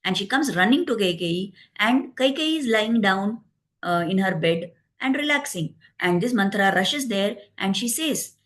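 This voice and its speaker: A woman's voice: medium pitch, lively intonation, moderate pace, fairly bright tone. Woman retelling an epic. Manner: explanatory, with fillers like "you know". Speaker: religious storyteller. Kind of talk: devotional epic discourse.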